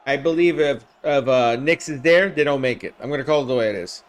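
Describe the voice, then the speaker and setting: A man hosting a live game simulation stream, calling plays with excitement, shouting on big plays and chatting with viewers by name. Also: medium pitch, brisk, clear, resonant tone. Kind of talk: live play-by-play commentary with chat replies.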